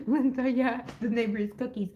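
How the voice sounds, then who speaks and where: A woman with a fairly high voice hosts a live tarot stream in loose, chatty talk. She wanders from topic to topic, leans hard on "like" and "you know," and laughs often. She talks into her device's built-in mic. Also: a little mellow. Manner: rambling and giggly, jumps between topics; heavy use of "like" and "you know". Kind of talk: casual live-stream chat. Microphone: built-in device mic, no separate mic.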